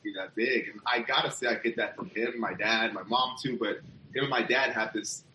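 A man's voice: fairly low pitch, brisk, sharp tone, reverberant, muffled recording, a little hiss or hum. A man guest on a podcast, telling stories reflectively in casual chat.

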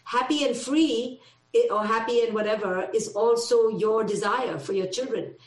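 A woman from India, a parent, talking in a casual conversation with an animated manner and frequent laughs. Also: a little high, normal speed. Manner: animated, mimics others' voices, laughs often. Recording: echoey room, distant mic.

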